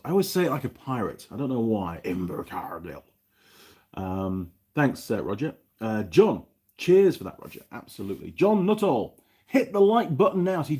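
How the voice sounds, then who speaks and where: A middle-aged man with a New Zealand accent talks through a casual workshop live stream, rambling between viewer comments and bits of mechanical know-how. His voice sits low and has a husky edge. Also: darkish tone. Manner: rambling, chatty, reads viewer comments aloud. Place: home workshop.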